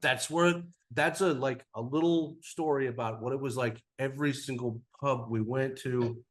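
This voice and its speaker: A man's voice: medium pitch, fairly even intonation, normal speed. Rambling man telling a trip story. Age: 40s. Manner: rambling, loose, lots of "like" fillers and casual swearing. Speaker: podcast guest. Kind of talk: casual storytelling. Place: cigar podcast studio.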